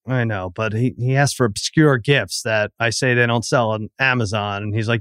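A man's voice: mid-range voice, animated, brisk, hardly any pauses, a bit bright, no room sound, clean studio sound. A middle-aged man co-hosting a podcast, telling a rambling story in casual chat and acting out the quotes. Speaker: podcast co-host.

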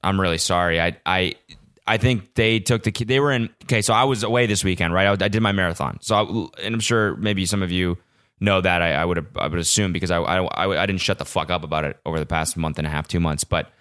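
A young man rambles fast through a casual solo podcast from his apartment, sounding frazzled, swearing constantly, and piling up restarts. His voice is slightly low, fairly bright, clear, and resonant. A small vlog camera's built-in mic picks him up.

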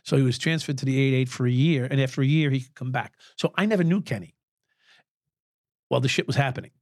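Talking fast in a mid-range, slightly mellow voice, a former police officer in his sixties tells candid stories as a podcast guest. The recording is dry and clean, made in a studio, and he speaks bluntly, swears freely and chuckles.

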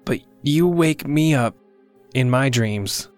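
A man's voice: mid-range voice, expressive, slow, darkish tone, faint music behind. A man voicing a guarded young male musician, speaking in a wary, questioning way.

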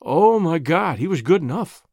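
Guy doing a broken guilty young son, voice kinda high and cracking with despair, storybook. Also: huge pitch swings, moderate pace, dry recording, clean studio sound, heavily acted. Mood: guilt-ridden. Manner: thick, broken, anguished. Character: desperate young man, guilt-ridden prodigal son.

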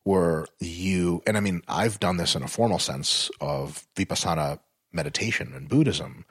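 A man with a husky, slightly low voice talks as a podcast guest, recorded close and dry. He is blunt and swears freely. When he gets fired up, his pitch jumps high. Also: moderate pace, no echo. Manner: animated and explanatory, swings up in pitch when fired up. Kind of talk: casual podcast chat.

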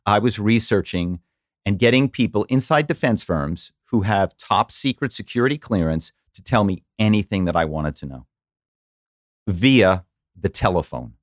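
A middle-aged man from the Philadelphia area, an animated storyteller who slips into quoted voices as a podcast guest. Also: on the low side, normal speed, no echo, clean studio sound. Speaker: podcast guest, former corporate spy. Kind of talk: casual interview storytelling.

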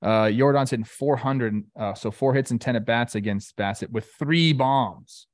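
Animated man rambling about baseball. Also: mid-range voice, moderate pace, no room sound, clean studio sound. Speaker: baseball analyst and co-host. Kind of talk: casual baseball talk.

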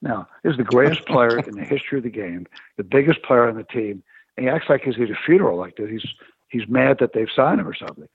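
Husky man telling stories over a phone line. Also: mid-range voice, fast, no room sound. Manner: animated storyteller. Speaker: former sports agent. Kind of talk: storytelling interview on radio. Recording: tinny phone-line radio sound.

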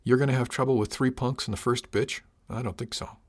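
A man's voice: medium pitch, steady tone, brisk, lightly acted. A man voicing a frank, teasing female ship's officer in an audiobook reading.

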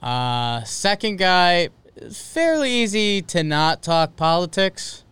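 A man's voice: high voice, big pitch swings, takes it slowly, fairly bright tone, clear, resonant tone, no echo. A man co-hosting a casual sports podcast, rambling with fillers and restarts. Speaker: podcast co-host.

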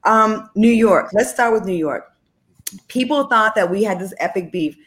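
A woman guest on a call-in show, candid and quick to laugh. She tells her behind-the-scenes stories in a relaxed, mid-pitched voice. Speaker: guest, former reality TV cast member. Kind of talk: casual interview chat.

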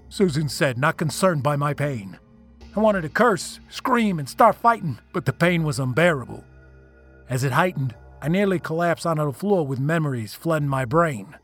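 A man narrating a dramatic first-person story, in an expressive delivery. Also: a little high.

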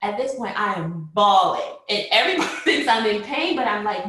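A young woman telling a personal story, animated, acting out what people said and laughing often. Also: mid-range voice, moderate pace. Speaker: mother telling her birth story. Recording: very echoey room.

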